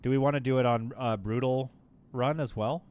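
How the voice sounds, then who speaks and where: A man's voice: mid-range voice, steady tone, normal speed, darkish tone, clean tone. A man casually chatting on a live game stream, reading out viewer messages and laughing often. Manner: chatty, reads chat aloud, laughs often. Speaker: livestream gamer host.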